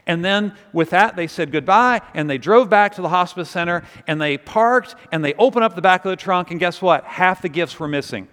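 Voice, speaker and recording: Animated preacher man in a reverberant hall. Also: sits high, a little fast, hardly any pauses. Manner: animated, conversational, drops to quiet intensity. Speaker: pastor. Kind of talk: sermon storytelling.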